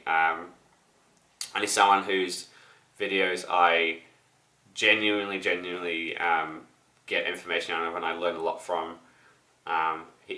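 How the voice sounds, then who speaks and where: Young man, slightly sick voice, rambling vlogger, bright tone in an echoey room. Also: low voice. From New Zealand. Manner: rambling, many ums and restarts. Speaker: record-collecting vlogger. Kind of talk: casual vlog to camera. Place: apartment.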